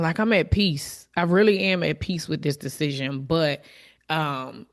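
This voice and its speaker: Woman, podcast host, deep-pitched, candid, reflective solo talk, openly emotional.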